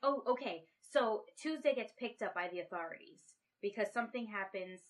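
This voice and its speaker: A woman's voice: medium pitch, lively intonation, normal speed. A woman co-hosting a casual podcast, retelling a movie plot in a rambling way and acting out the characters' lines. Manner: rambling plot recap with acted-out quotes. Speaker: podcast co-host. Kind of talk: casual chat.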